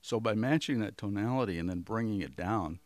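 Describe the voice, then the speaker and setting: Man, communication trainer, deep voice, folksy conversational lesson, dry close sound. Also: fairly quick, no echo. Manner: folksy, conversational, explains with homely examples. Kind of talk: instructional talk to camera.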